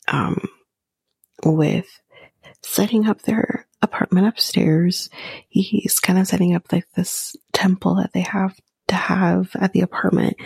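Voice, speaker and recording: A woman hosting a podcast, recapping a reality show in blunt, profane, animated casual chat, often half-whispering. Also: mid-range voice, creaky, husky, dry recording, clean studio sound.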